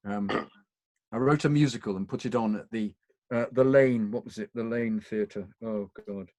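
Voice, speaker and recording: A middle-aged man, a voice actor, chatting in a relaxed Q&A over a video call, talking haltingly with many fillers and restarts. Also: fairly low pitch, no room sound. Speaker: guest voice actor. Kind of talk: casual Q&A chat.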